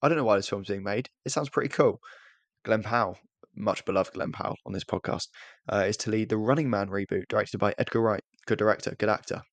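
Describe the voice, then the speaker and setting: A man's voice: on the low side, fast, no room sound. A young British man co-hosting a podcast in casual chat, rambling and self-deprecating with frequent restarts. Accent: British English. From Britain. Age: young adult. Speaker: podcast co-host.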